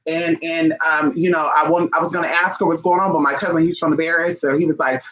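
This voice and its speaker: A woman vlogger telling a story to her viewers in a casual, animated and profane way, calling them "y'all". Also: deep voice, quick pace, highs cut off.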